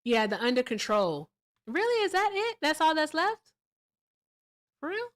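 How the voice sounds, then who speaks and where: Animated, gushing woman livestream host. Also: high-pitched, a little slow. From Virginia. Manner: animated, gushing thanks to viewers, swings between loud excitement and quiet asides. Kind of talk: casual livestream chat.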